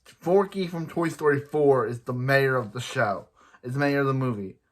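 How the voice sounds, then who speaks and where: A young man giving a casual, rambling movie review, often restarting and paraphrasing characters in quick bursts. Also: mid-range voice.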